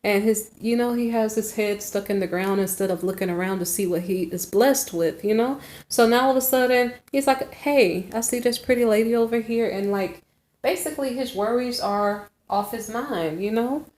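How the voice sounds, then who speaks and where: A woman's voice: medium pitch, moderate pace, a little mellow. A woman giving a casual tarot reading to viewers, rambling and correcting herself as she goes, often checking in with "okay?". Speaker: tarot reader. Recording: roomy echo.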